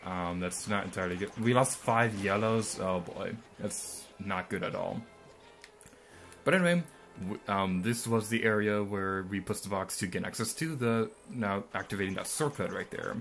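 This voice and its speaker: A man's voice: lowish voice, moderate pace, a bit bright, soft background music. Rambling young man narrating gameplay. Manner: rambling, filler-heavy, mildly sarcastic. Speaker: gameplay commentator. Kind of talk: let's play commentary.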